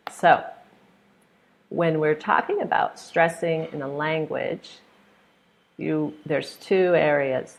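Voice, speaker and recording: An American woman teaching an online English pronunciation lesson, patiently repeating example words with clear emphasis. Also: low-pitched.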